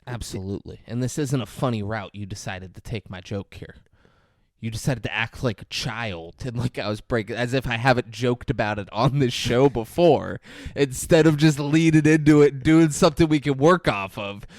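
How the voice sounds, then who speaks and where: Young male podcast co-host, average pitch, dry close sound, teasing and needling. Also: normal speed, darkish tone, dry recording. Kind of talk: casual movie-review chat.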